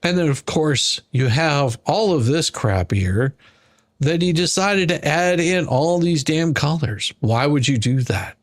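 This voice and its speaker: A man's voice: a little high, expressive, measured pace, dry recording, clean studio sound. A man streaming sarcastic commentary on court filings, scoffing and mimicking whiny pleas. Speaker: YouTube legal commentary streamer.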